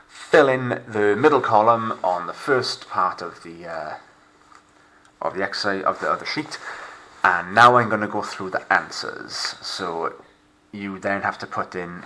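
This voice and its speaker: A man with a Welsh accent teaching a recorded remote lesson, modelling words slowly and clearly for students to repeat. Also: deep voice, pushed and bright. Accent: Welsh English.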